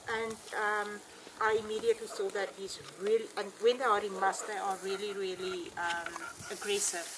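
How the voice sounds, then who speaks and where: A woman, a safari ranger, telling animated stories with frequent ums. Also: mid-range voice, normal speed, background noise. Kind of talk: telling anecdotes in an interview.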